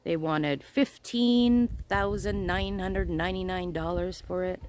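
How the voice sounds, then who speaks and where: A woman's voice: on the low side, a little slow, darkish tone, slight background noise. A middle-aged woman, hosting her crochet channel and chatting casually as she tells a story, acting out both sides of each conversation.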